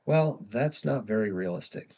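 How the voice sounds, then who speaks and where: A man's voice: fairly low pitch, expressive, normal speed, darkish tone, highs cut off. A man reading aloud and voicing a stubborn, defensive eighteen-year-old college girl in a storybook. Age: young adult. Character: defiant hungover teenage college girl.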